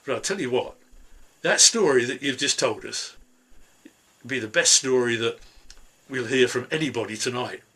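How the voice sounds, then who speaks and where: Man doing old farmer, gruff, kindly, hearty, reassuring, bright husky voice, folk tale. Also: mid-range voice, moderate pace, long pauses.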